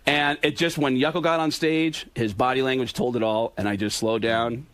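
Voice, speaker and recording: A male comedian on a radio show, telling stories in a giggly, animated way, with lots of cursing. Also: medium pitch, moderate pace, dry recording. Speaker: comedian guest. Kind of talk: casual storytelling.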